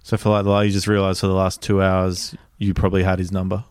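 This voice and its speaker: Low, flat-voiced man asking quick questions. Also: smooth. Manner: brief curious questions. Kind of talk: casual interview questions.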